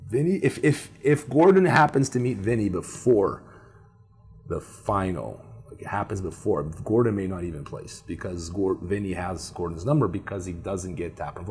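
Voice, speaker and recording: A man's voice: low-pitched, normal speed, a little mellow, breathy edge. A man co-hosting a podcast, talking casually and rambling, full of fillers like "man". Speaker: podcast co-host. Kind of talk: casual chat.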